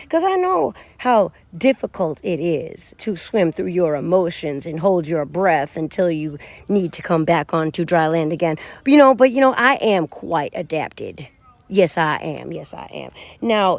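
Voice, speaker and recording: Woman reading tarot cards for her viewers, super lively voice that swoops up and down, chatty and direct. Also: lowish voice, measured pace. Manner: animated, talks straight to viewers. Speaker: tarot reader.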